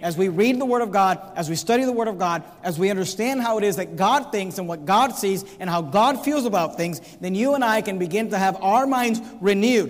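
A man preaching a sermon in an earnest, emphatic way, repeating key phrases as he explains a scripture. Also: high-pitched. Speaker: pastor. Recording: long hall reverb.

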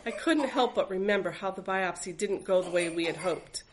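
A woman's voice: mid-range voice, normal speed, slight background noise, low-quality recording. A woman reading aloud from her own memoir as a mother, in an earnest, reflective voice. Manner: earnest, reflective, faith-filled.

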